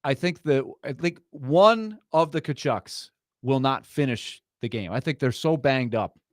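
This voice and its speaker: A man's voice: medium pitch, a little slow, no echo, studio quality. A man co-hosting a sports talk show, breaking down a game in a hesitant, analytical way. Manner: hesitant, analytical, restarts sentences.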